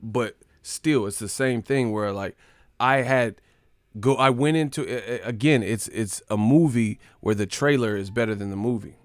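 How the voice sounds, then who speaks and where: A man's voice: medium pitch, normal speed, no echo, clean studio sound. A man hosting a live stream, casually reacting to chat with profane, mocking commentary.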